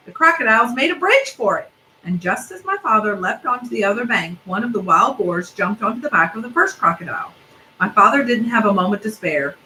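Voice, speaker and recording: A woman reading a storybook aloud, her narration steady and expressive, with asides about the pictures. Her voice is bright and sharp, with a faint ambient noise behind it. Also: mid-range voice, low-quality recording.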